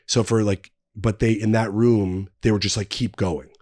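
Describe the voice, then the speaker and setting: A man with a low-pitched voice recounts a long story on a podcast, loose and rambling, with lots of "um" and "like". The sound is close and dry, with no room around it. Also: fairly even intonation, moderate pace, a little mellow, no echo. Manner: rambling anecdotes with many fillers. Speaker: guest. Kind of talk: casual storytelling chat. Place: podcast studio.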